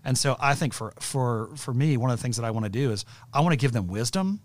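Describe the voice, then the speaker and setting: A man co-hosting a parenting podcast, speaking in a measured, reflective way. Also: mid-range voice, lively intonation. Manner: measured, reflective, with encouraging interjections. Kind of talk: casual podcast conversation.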